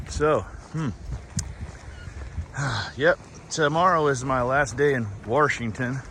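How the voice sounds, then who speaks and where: A man's voice: medium pitch, takes it slowly, long pauses, sharp tone, a little hiss or hum. A man vlogging on a coastal hiking trail, rambling casually to his camera as he walks. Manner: rambling, chatty, talking to the camera. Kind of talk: casual chat while hiking.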